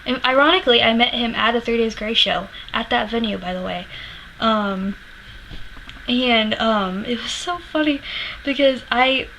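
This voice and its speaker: A woman vlogger with a slightly high-pitched voice recounts a personal story straight to camera. She curses freely and laughs as she talks, and she sounds emotional while remembering it. A faint hiss sits under the recording. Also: measured pace, creaky, pushed and bright, rough recording.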